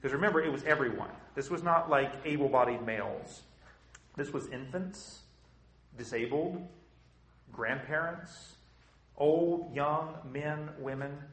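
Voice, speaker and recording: A man's voice: mid-range voice, fairly bright tone, roomy sound, rough recording. A man preaching a sermon with impassioned, emphatic, repetitive phrasing.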